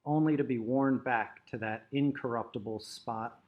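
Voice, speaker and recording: A middle-aged man co-hosting a talk, soft-spoken and easygoing, reading a passage aloud at a slow, measured pace. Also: mid-range voice, muffled recording, a little hiss or hum. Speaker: co-host. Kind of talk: casual chat and reading aloud.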